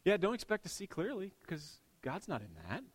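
Male pastor, slightly high voice, chatty sermon with sharp swings between hushed and punchy lines. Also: very animated, fairly quick, breathy edge. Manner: conversational, joking with the congregation.

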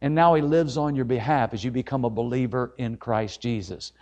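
A man's voice: medium pitch, fairly quick, a little mellow, highs cut off. A man preaching a sermon as an evangelist, fervent and folksy, often calling his listeners folks and rising to emphatic peaks. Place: church service.

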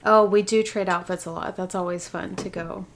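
A woman's voice: on the low side, fairly even intonation, normal speed, slight background noise. A woman co-hosting a casual chat, giggling and making playful asides. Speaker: podcast co-host.

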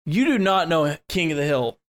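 A man's voice: a little high, animated, normal speed. A man co-hosting a casual podcast, running a quiz game in a playful, joking way and laughing often.

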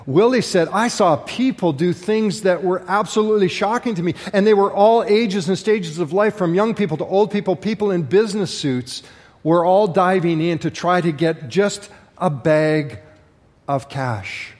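High-voiced pastor preaching in a reverberant hall. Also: male voice, moderate pace. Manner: animated storytelling with jokes to the congregation. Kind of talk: sermon. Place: large church hall.

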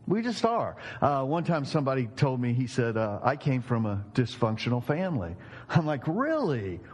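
Male pastor, sermon delivery, emphatic storyteller, medium pitch, reverberant church hall.

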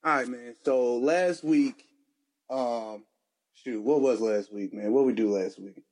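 A man's voice: mid-range voice, unhurried, a little mellow. Chill guy on a podcast, mid voice, slangy, laughs a lot. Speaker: podcast co-host. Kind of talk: casual chat.

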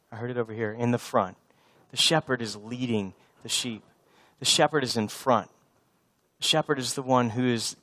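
Male pastor, thirties, mid-pitched and dry-miked, a storytelling preacher who is slightly stuffy from a cold. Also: a bit bright, dry recording. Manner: storytelling with humor, frequent restarts. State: slightly congested from a sinus infection. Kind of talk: sermon. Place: church sanctuary.

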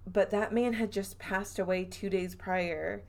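Speaking unhurriedly with fairly even intonation, a medium-pitched woman from the Southern US shares a spooky tale on her podcast. She keeps it chatty, laughing often and using plenty of fillers.

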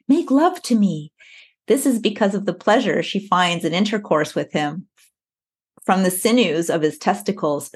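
Lower-voiced woman podcaster reading aloud. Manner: reads aloud while breaking into giggles. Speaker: podcast co-host. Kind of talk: casual podcast chat, reading historical text aloud.

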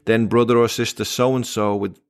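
A man's voice: lowish voice, level tone, moderate pace. A man hosting a faith podcast, asking leading questions and agreeing often in conversation. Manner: prompting, leading questions, frequent agreeing "yeah". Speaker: podcast host. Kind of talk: conversational interview.

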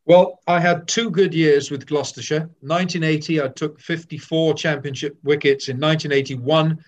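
An older man from Wales recalls his playing days in a candid, animated way, often restarting his sentences. His voice sits a little high for a man. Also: normal speed. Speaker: former cricketer. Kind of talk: reminiscing storytelling.

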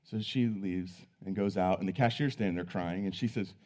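A man's voice: sits low, fairly quick, darkish tone. A man preaching, telling a personal story in an earnest, conversational way. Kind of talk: sermon storytelling.

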